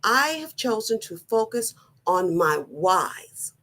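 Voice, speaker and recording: A middle-aged woman giving a personal motivational talk, slow, earnest and deliberate, often repeating her phrasing. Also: medium pitch, expressive, sharp tone. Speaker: wellness vlogger.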